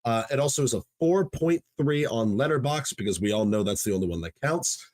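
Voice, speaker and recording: An Australian man co-hosting a casual film podcast, delivering facts with slow dramatic pauses. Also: medium pitch, expressive, a little mellow, no echo. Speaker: podcast co-host.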